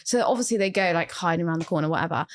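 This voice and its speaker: A woman's voice: lowish voice, very fast. A young woman from England co-hosting a podcast, telling a story casually and animatedly, swearing freely and acting out what people said. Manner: animated, swears freely, acts out quoted lines. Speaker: podcast co-host.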